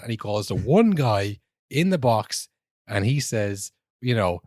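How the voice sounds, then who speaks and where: A man's voice: lowish voice, lively intonation, moderate pace, a little mellow, no echo, clean studio sound. A man in his twenties or thirties, co-hosting a podcast, ranting casually about football refereeing with lots of swearing and restarts. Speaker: podcast co-host.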